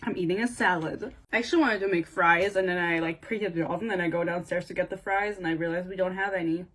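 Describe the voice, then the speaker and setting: A woman's voice: lowish voice, steady tone, fast, a bit bright, low-quality recording. A young woman giving a casual, sarcastic book rant at home, swearing bluntly and using lots of filler words. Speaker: book reviewer.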